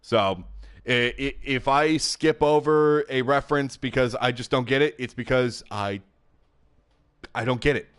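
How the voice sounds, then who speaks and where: Casting: male gaming host, everyday mid-range voice, excitable and chatty, headset mic at home. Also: mid-range voice, unhurried, clean tone. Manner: chatty and excitable, with frequent laughs and filler. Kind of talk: casual game commentary.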